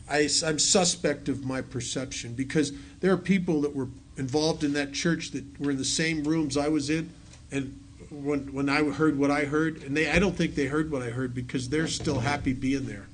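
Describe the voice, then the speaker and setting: A man's voice: medium pitch, a little hiss or hum. A middle-aged man, a speaker at a recovery meeting, tells his story to an audience with self-mocking jokes. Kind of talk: personal recovery talk to an audience. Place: meeting hall with a live audience.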